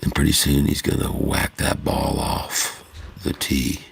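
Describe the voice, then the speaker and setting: A man voicing a calm, soothing male golf commentator with a soft, slow, murmured delivery, speaking into a phone. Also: extremely low pitch, vocal fry, husky, full character voice. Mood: hushed.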